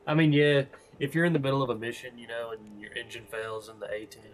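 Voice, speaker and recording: A man's voice: mid-range voice, flat delivery, fast, low-quality recording. A man joining a live stream over voice chat, telling a story in a chatty, rambling way. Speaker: visiting fellow player. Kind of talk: casual chat over voice call.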